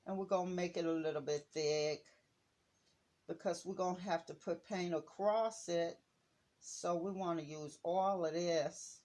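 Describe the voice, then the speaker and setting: A woman from Detroit talking casually to her viewers while painting, telling stories in a slow, chatty way. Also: on the low side, a little mellow. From Detroit, USA. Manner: slow, chatty storytelling with Southern-style slang. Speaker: vlogger. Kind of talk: casual chatty craft video.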